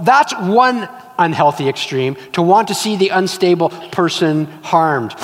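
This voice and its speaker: Casting: earnest male pastor with a high voice, preaching in a reverberant church hall. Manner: earnest, storytelling. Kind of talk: sermon.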